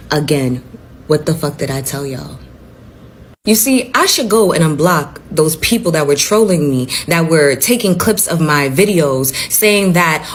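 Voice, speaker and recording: A woman's voice: fairly low pitch, normal speed, breathy edge. Lady commentator going off, cussing, voice jumping all over. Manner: blunt, profane, animated storytelling. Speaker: commentary host. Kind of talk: casual commentary.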